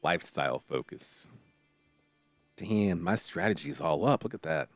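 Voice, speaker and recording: A fairly low male voice with a lively, swooping delivery. He is a streamer who reads game tutorials aloud, cracks jokes and breaks into excited exclamations. The sound is dry and close, from a desk mic. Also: normal speed, dry recording. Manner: playful, jokey, chats with viewers, bursts of excited exclamations. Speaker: streamer playing a strategy game. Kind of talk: casual game commentary, reading tutorial text aloud.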